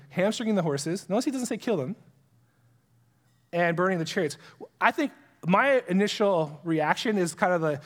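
High-voiced man teaching in a reverberant hall. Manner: animated, full of rhetorical questions. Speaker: Bible teacher. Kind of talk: conversational sermon-style teaching.

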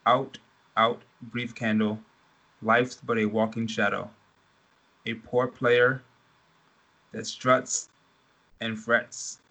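A man co-hosting a casual chat, reading a speech aloud in a slow, measured way. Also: mid-range voice, gravelly, sharp tone, rough recording.

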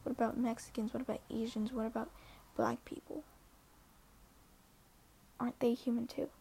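A woman's voice: fairly high pitch, little pitch movement, normal speed, vocal fry, dark tone, breathy edge. A teenage girl talking earnestly and hesitantly in a casual vlog, often dropping to a half-whisper. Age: teens. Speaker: social media poster.

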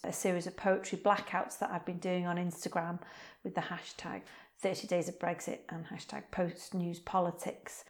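A woman's voice: lowish voice, darkish tone. Woman reading poetry. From North Wales. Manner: rhythmic, insistent spoken-word delivery. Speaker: poet.

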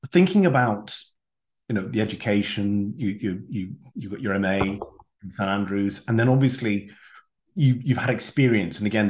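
A man hosting an interview, asking long questions in a halting way with repeated words. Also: on the low side, a little mellow. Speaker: podcast host.

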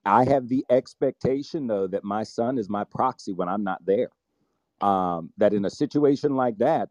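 A father talking on a podcast, earnest and a little halting, restarting his sentences as he explains his view. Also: lowish voice, darkish tone, no echo. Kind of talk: opinionated discussion.

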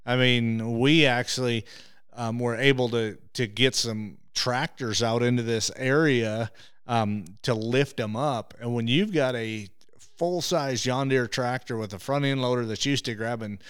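A man who hosts a hunting show, telling stories as an interview guest. He gets animated and restarts his words when excited. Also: mid-range voice, measured pace, clear, resonant tone, dry recording, clean studio sound. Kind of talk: animated storytelling.

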